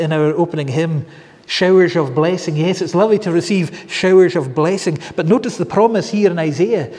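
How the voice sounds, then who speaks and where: A man preaching in a church, his voice sitting a bit high for a man. He talks earnestly and repeats himself, stacking one phrase on the next. A long reverb trails behind every line. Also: darkish tone. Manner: earnest, repetitive, building phrases. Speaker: pastor. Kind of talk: sermon.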